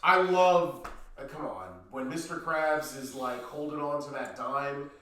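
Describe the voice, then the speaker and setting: A man's voice: a little high, fairly even intonation, unhurried, a bit bright, very echoey, slight background noise. A man co-hosting a casual podcast, reacting with exclamations and laughter as he recounts funny scenes. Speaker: podcast co-host.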